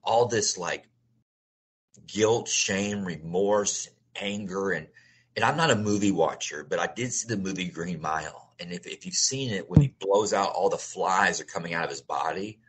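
A man's voice: low voice, moderate pace, fairly bright tone, a little hiss or hum. A middle-aged man telling his life story as an interview guest, speaking earnestly and often restarting and repeating his phrases. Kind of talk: personal testimony in a conversational interview.

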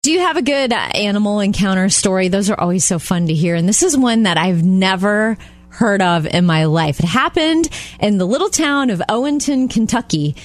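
A woman co-hosting a chatty show, telling stories in a lively, animated way. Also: mid-range voice, moderate pace. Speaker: radio co-host. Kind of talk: casual chat.

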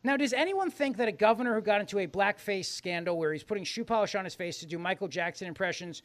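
Male radio host, high bright voice, sarcastic, joking. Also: animated, fast talker, no room sound. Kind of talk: comedic radio talk.

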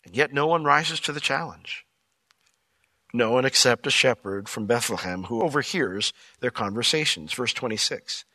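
A male pastor preaching an expository sermon in a lively, conversational way, explaining word meanings and acting out the biblical characters in casual modern speech. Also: mid-range voice, moderate pace, dry recording.

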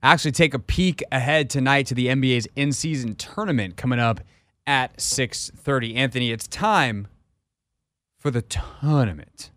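A man's voice: mid-range voice, moderate pace, a bit bright. A male sports radio host talking into a studio mic, opinionated and chatty, thinking aloud with plenty of fillers. The sound is close and dry, with no room echo.

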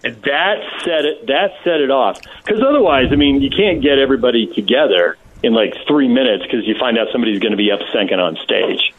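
A man calling in to a radio show, telling a story in an animated, laughing way. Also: medium pitch, brisk, hardly any pauses, a little hiss or hum. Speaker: radio show guest on phone. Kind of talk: casual storytelling. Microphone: phone. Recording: tinny phone line.

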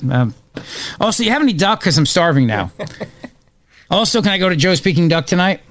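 A man hosting a radio talk show, joking around with his co-hosts in an animated way and laughing often. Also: high voice, fairly quick, pauses often, no room sound. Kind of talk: casual radio banter.

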